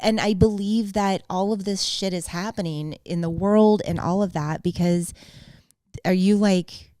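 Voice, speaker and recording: A woman's voice: medium pitch, unhurried, mellow, dry recording. A woman in her forties hosting a podcast in casual chat, blunt and emphatic, with frequent swearing. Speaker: podcast host.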